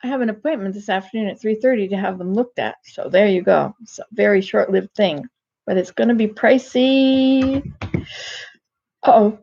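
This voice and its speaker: An older woman talking casually on a live stream, rambling and digressive with many restarts, gentle and self-deprecating. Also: medium pitch, moderate pace, gravelly, highs cut off. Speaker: vlogger.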